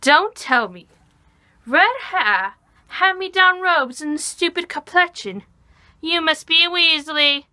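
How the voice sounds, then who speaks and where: A woman's voice: extremely high pitch, animated, slow pace, bright, forceful tone, no room sound, voice pushed up, heavily acted. A young woman voicing a snobbish, sneering teenage boy wizard in a put-on British accent, with a haughty, sing-song, taunting delivery.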